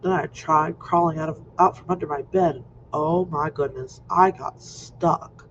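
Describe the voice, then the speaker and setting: A man in his fifties telling a personal story in an animated way, acting out scenes, in a muffled lo-fi recording. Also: a little high, measured pace. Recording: muffled lo-fi recording with faint noise.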